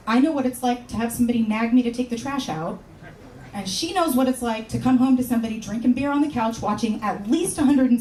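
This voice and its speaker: A woman from California performing a stand-up comedy set on a club stage, with wry, deadpan asides and sudden high exclamations. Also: slight background noise. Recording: roomy club sound from far off.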